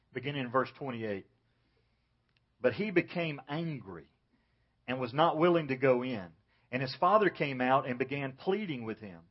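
A man's voice: fairly high pitch, breathy edge. A man preaching a sermon as pastor, dramatically acting out the lines of the story's characters. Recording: dull, lo-fi church recording.

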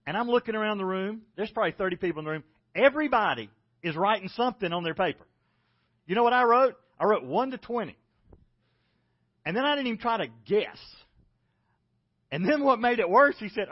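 A pastor from South Carolina with a Southern accent, preaching a sermon in a folksy storytelling way with self-deprecating humor. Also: male voice, high voice, expressive, a little fast, long pauses, muffled recording. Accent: Southern American. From South Carolina, United States.

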